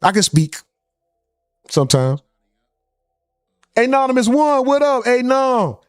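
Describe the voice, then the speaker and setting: A man's voice: very high-pitched, big pitch swings, takes it slowly, clean tone, dry recording, soft background music. A man hosting a live stream, casually reading out chat comments and joking with viewers. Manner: loose, joking, reads chat names aloud.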